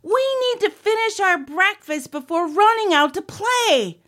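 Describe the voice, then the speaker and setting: A woman's voice: sits high, sing-song, takes it slowly, voice pushed up, exaggerated voice. A woman doing a chirpy little girl mouse. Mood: cheerful teasing. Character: cheerful little girl mouse, teasing sister.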